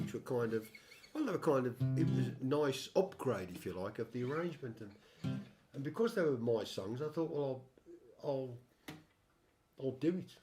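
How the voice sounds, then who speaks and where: A man's voice: mid-range voice, darkish tone. An older man hosting a casual music chat, telling a long story with many restarts and wry asides. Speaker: show host and songwriter.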